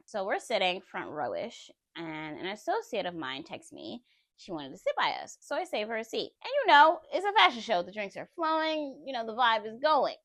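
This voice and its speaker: Woman vlogging her story, lively up-and-down voice, dry close sound. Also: on the high side, no room sound. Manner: animated, emphatic, laughs often. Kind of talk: personal storytelling.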